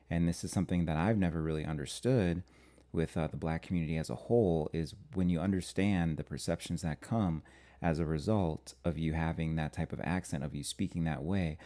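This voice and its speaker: Man, very low voice, dark mellow tone, live-stream host, halting with restarts. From Minnesota. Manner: halting, lots of restarts and fillers. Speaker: astrology channel host.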